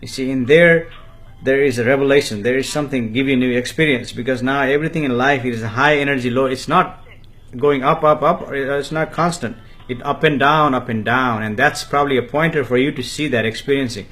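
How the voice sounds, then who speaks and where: Brief: man, spiritual teacher answering viewer comments on a live stream, halting delivery full of fillers. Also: medium pitch, fairly bright tone. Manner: refers to himself in the third person, slow and halting with many fillers.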